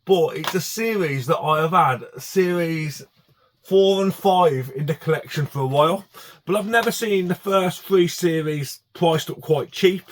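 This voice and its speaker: A man's voice: fairly high pitch, unhurried. A man chatting casually to camera about his DVD collection, enthusiastic and full of fillers and restarts.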